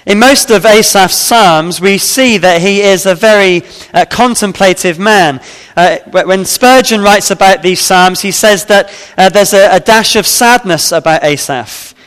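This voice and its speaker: A pastor preaches a sermon in a large hall, reading scripture aloud and then explaining it with frequent fillers and restarts. His voice is high-pitched with a fairly bright tone.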